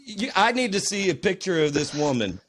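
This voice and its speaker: A man's voice: sits high, sing-song, fairly quick, a bit bright. A father co-hosting a podcast, chatting casually and animatedly, swearing freely and breaking into mocking voices while telling stories. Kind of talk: casual profane chat.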